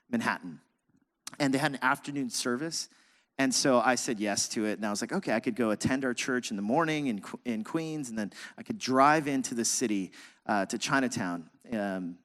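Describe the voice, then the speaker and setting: A man, a pastor, preaching a sermon and telling a lively personal story, acting out his own outbursts and laughing at himself. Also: mid-range voice, in a large hall.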